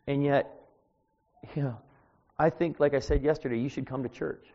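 Guy preaching, chatty and storytelling, gets loud when worked up, kinda muffled lo-fi sound. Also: mid-range voice, moderate pace, pauses often. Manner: conversational, anecdotal, rising and louder when animated. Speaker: street preacher. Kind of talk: informal sermon. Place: church. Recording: dull lo-fi sound.

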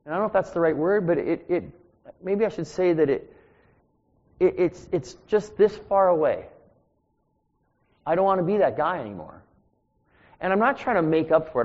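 A man's voice: a little high, animated, fairly quick. A man in his sixties preaching an informal, self-deprecating sermon from a church pulpit, with chatty asides to the congregation. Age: 60s. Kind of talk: conversational sermon with personal stories. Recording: dull, echoey church recording.

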